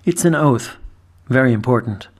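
A man voicing a young squire with a brisk, deadpan delivery. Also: mid-range voice, natural voice. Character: young male squire, dry and sly.

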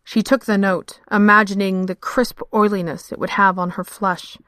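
A woman's voice: mid-range voice, fairly even intonation, moderate pace, fairly bright tone, no echo. Dry-voiced woman narrating fiction.

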